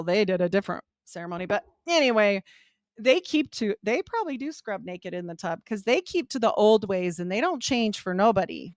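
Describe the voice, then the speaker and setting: A middle-aged woman, a podcast guest, telling her life story in a candid, animated way. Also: medium pitch, no room sound, studio quality. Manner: animated, quotes people in voiced asides.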